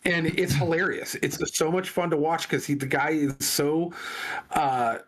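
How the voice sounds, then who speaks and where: A man's voice: on the high side, unhurried, fairly bright tone. A man on a casual talk show, telling a long story with many restarts and fillers. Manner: rambling storyteller with frequent restarts. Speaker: podcast co-host. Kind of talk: casual chat.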